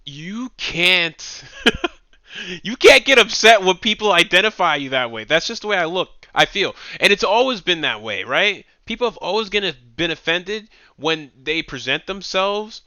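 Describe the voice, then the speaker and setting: Guy reacting to clips on stream, kinda mocking, bright crisp voice, dry sound. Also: high-pitched, unhurried, no echo, highs cut off. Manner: animated, mocking, laughs often. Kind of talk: casual reaction commentary.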